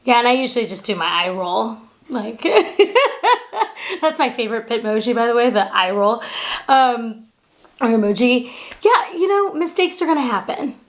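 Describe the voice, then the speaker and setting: High-pitched woman, teasing and playful, laughs a lot, co-hosting a chat. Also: big pitch swings, normal speed. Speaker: co-host. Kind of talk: casual chat. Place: small home studio.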